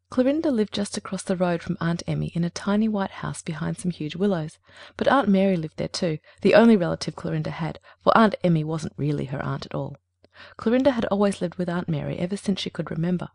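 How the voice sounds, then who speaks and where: A woman reads an old-fashioned story aloud at a steady, measured pace. Her voice sits low and has a gravelly texture. The recording is close and dry. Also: no room sound. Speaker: narrator. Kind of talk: storybook narration.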